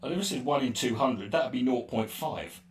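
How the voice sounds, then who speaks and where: A man's voice: medium pitch, a little fast. A man ranting sarcastically and swearing freely while answering a live stream chat. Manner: profane, sarcastic, rambling. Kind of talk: casual live-stream rant. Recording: roomy echo, distant mic, faint noise.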